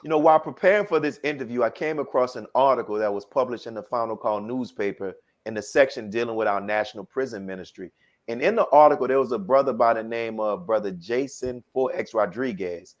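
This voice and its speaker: A man hosting a podcast interview, leading into his question with a long, easygoing setup. His voice sits at an ordinary pitch. The recording is a little dull and muffled. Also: a little fast. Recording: slightly dull lo-fi sound.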